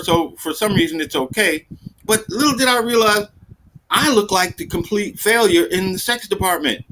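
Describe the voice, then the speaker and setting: A man doing seated stand-up, telling a profane story in an animated way and jumping into high, exasperated outbursts. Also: a little hiss or hum, rough recording. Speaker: stand-up comedian.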